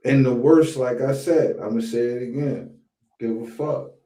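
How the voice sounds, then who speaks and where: A man's voice: mid-range voice, moderate pace, warm tone, echoey room. A man hosting a podcast, giving blunt, profane, emphatic commentary in a casual way. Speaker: podcast host.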